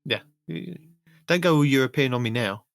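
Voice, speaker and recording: A man's voice: mid-range voice, lively intonation, moderate pace, creaky, no echo. A man co-hosting a podcast in casual chat, giving short replies and acting out home scenes. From England. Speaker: podcast co-host.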